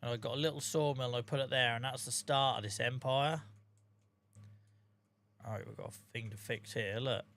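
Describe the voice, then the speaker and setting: Streamer, male, Norfolk accent, sharp bright voice, tired, casual and sweary with viewers. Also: medium pitch, steady tone, moderate pace, gravelly, long pauses. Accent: Norfolk English. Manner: chatty, swears freely, greets viewers by name. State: tired and sore. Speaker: game streamer. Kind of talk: casual live-stream chat while playing.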